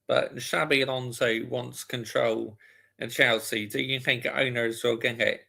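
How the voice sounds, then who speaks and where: Man, slow gravelly delivery, bright tone, casual watch-along streamer answering chat. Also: mid-range voice, steady tone. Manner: chatty, reads out viewer comments and answers them. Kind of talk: casual live football chat.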